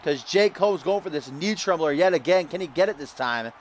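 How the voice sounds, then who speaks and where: A man giving lively play-by-play commentary on a video game wrestling match, getting loud at big moments. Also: on the high side, fairly quick. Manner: excitable, shouts at big moments.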